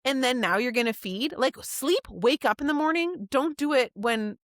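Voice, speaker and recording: A woman's voice: high voice, animated, moderate pace, dry recording, studio quality. A woman co-hosting a book podcast, reading out her notes and acting out the characters' lines in a casual chat. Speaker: podcast co-host.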